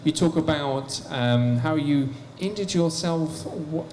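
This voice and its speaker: A man's voice: fairly high pitch, takes it slowly, darkish tone, slight background noise. A man interviewing a guest at a convention, asking friendly questions. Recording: roomy echo in a convention hall.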